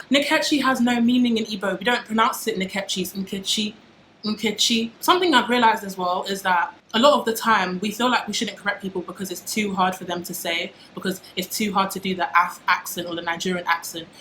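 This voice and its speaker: A woman's voice: mid-range voice, bright, forceful tone, slight background noise. Passionate British woman vlogging in an echoey room. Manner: passionate, dramatic, emphatic with repeated phrases. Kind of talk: casual talk to camera. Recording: echoey room with faint background ambience.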